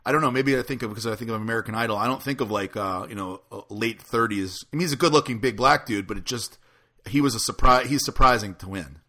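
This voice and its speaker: A man's voice: mid-range voice, bright, forceful tone. A man co-hosting a podcast in casual banter, teasing his partner and laughing often. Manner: teasing, laughs often, talks in quick bursts. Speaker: co-host.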